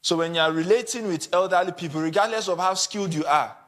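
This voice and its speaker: A man with a Nigerian accent giving a conference talk to photographers, animated and acting out short examples as he speaks. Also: high-pitched, fast talker.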